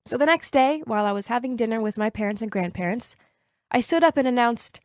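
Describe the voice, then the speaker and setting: A woman in her twenties narrating a first-person story in a lively, confiding way. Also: fairly high pitch, fast, dry recording, studio quality.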